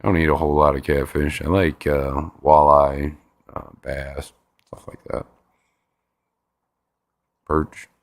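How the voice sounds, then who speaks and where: A man's voice: rumbling low, flat delivery, slow, long pauses, dry recording, clean studio sound. A laid-back man hosting a casual livestream, chatting with viewers in a rambling way and repeating his words. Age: adult with a five-year-old. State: stiff sore neck. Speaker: livestream host. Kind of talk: casual chat reading viewer comments.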